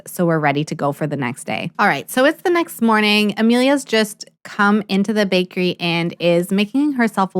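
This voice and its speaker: Woman let's play host, low-ish voice, excitable and chatty, close dry mic. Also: clear, resonant tone, no echo. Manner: chatty and excitable, quick laughs and mock outrage. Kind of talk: casual gameplay commentary.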